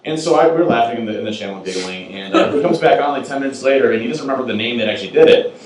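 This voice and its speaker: A man telling a story as a guest on a live podcast, rambling quickly with fillers. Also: mid-range voice, crowd noise. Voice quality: rapid, rambling delivery. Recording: echoey room, mic at distance, noisy.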